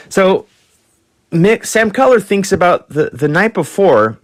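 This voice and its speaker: A man's voice: big pitch swings, measured pace, no echo. Casual male podcast storyteller, dry sound. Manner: loose, profane, acts out quotes in higher voices. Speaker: podcast host.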